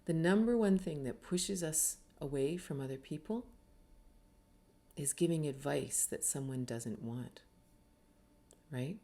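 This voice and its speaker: A woman's voice: low voice, lively intonation, measured pace, pauses often, mellow. A middle-aged woman giving a reflective teaching talk on spirituality, earnest and full of rhetorical questions. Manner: earnest, uses many rhetorical questions and tags with "right?".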